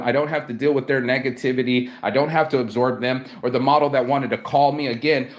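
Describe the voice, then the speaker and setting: Man, vlog rant, slightly high voice, animated, profane, rambling with restarts. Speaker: vlogger. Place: outdoors among trees.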